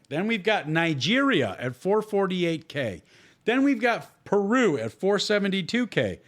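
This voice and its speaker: Guy ranting solo on his podcast, kinda high voice, swears a lot, sarcastic. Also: fairly bright tone. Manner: blunt, heavy swearing, sarcastic. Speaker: podcast host.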